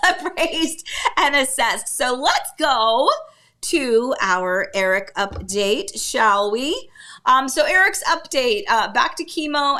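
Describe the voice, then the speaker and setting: A middle-aged woman hosts a relaxed livestream from a table at home. Her voice is bright and forward, and she talks in a loose, rambling way, filling pauses with little hummed syllables. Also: fairly high pitch. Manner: chatty, rambling, hums filler syllables to herself. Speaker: livestream host. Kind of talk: casual livestream chat.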